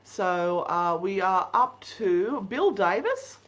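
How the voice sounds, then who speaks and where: A woman's voice: mid-range voice, sing-song, slow, muffled recording. A woman chats on a live stream. She talks in a cheeky, blunt way, laughs easily and keeps things casual as a co-host. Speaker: co-host reading tarot.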